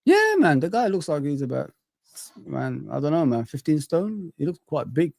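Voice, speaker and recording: A man's voice: fairly high pitch, animated, moderate pace, vocal fry, dark tone, no room sound, clean studio sound. A man co-hosting a live football watch-along stream, chatting casually and calling the audience "guys". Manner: chatty, repeats "guys" and "man", British slang. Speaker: livestream co-host.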